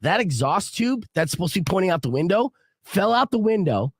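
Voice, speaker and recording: A man hosts a morning radio show in a casual, chatty way, with a voice a little higher than usual. The studio sound is dry and close. He brings his stories to life and gets loud when he acts out what people said. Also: brisk, breathy edge, dry recording. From Arizona. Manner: animated storyteller, acts out quotes loudly. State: sick with a cold.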